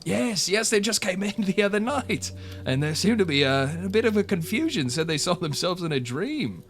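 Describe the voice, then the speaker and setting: A man voicing a cheerful, chatty male innkeeper in a tabletop game, in a raised, bright voice. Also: very animated, moderate pace, exaggerated voice. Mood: cheery. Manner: cheerful, high.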